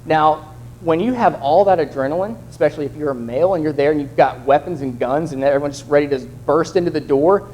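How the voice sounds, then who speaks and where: A man's voice: a little high, quick pace, few pauses, warm tone, a little hiss or hum, poor audio. A young man preaching a sermon in a conversational way, acting out the voices of the people in his examples. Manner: conversational, acts out quoted voices.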